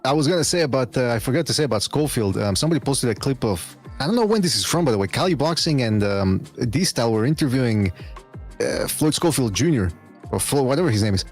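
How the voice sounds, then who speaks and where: A man co-hosting a podcast in casual chat, telling stories in an animated way and laughing often. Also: mid-range voice, fast talker, faint music behind. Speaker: podcast co-host.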